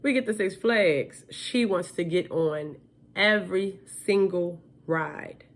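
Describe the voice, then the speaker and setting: A woman with a low voice tells her own life story in a candid, chatty way. She talks casually, with fillers and false starts, and lets laughter slip in as she goes. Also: takes it slowly.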